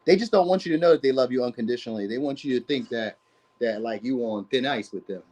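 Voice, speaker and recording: A man's voice: medium pitch, quick pace, darkish tone, low-quality recording. A man giving a casual, rambling tarot reading in slangy talk, often asking "you know what I mean?". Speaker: tarot reader.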